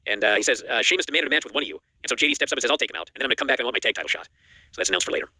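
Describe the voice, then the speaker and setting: A man's voice: mid-range voice, dry recording. A man co-hosting a wrestling news show, recapping matches in a casual chat and acting out the quotes. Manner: rapid animated recap, acts out quotes.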